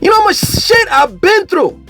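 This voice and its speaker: Animated, high-voiced man ranting. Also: normal speed, faint music behind. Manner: animated, profane, mocking. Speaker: vlogger. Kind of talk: casual commentary rant.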